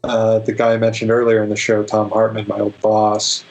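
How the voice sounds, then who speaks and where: Relaxed rambling male guest. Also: fairly low pitch, brisk, poor audio. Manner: relaxed, rambling, many fillers, laughs easily. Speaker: interview guest. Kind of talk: casual interview chat.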